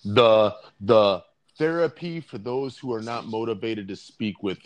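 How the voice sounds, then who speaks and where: A man's voice: fairly low pitch, unhurried, no echo, highs cut off. A man co-hosting a podcast in a jokey casual rant, playful and often repeating words as he searches for them. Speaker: podcast co-host.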